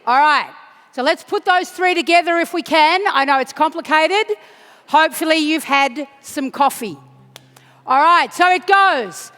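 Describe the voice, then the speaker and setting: Woman, high and bright, slow and teasing, leading a chant in an echoey hall. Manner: playful, teasing, rousing, breaks into shouts. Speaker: chant leader at a union congress. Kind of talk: leading a crowd chant and dance. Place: large conference hall.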